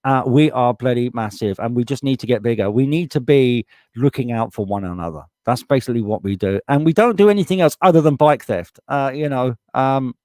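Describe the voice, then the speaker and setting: A man's voice: medium pitch, a little fast, few pauses, darkish tone, no echo, studio quality. A man with a British accent hosting a live stream, reading out viewer comments in a casual, blunt way and swearing freely as he gets heated. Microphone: desktop USB microphone.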